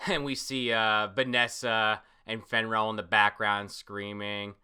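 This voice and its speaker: A man giving a casual, excitable manga reaction and recap, full of fillers and the odd curse when surprised. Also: fairly low pitch, a little slow, smooth. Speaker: manga reviewer.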